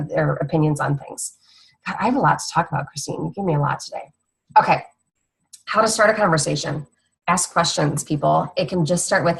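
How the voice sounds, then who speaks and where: Young woman coach, low gravelly voice, husky, chatty and rambling, casual training talk. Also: low-quality recording. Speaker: fitness coach.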